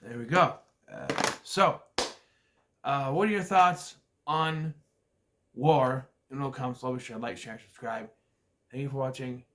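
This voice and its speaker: A man's voice: medium pitch, a little slow, fairly bright tone, a little hiss or hum. A man casually reviewing a movie for his vlog, rambling with many restarts and acting out scenes. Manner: rambling, hesitant, many restarts and acted-out quotes.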